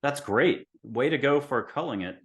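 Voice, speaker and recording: Gentle, reflective male show host. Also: medium pitch, lively intonation, normal speed. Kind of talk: spiritual interview show.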